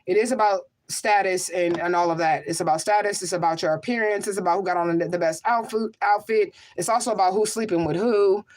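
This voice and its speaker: Woman on a livestream reading out chat comments, emphatic, keeps asking y'all okay, mid pitch. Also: fairly even intonation, fairly quick, few pauses, darkish tone. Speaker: livestream host and spiritual medium.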